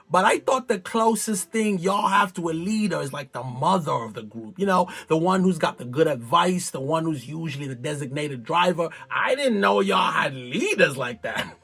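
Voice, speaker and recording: A man hosting a reality TV recap in animated, slangy casual commentary, laughing often. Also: sits high, gravelly, slightly rough.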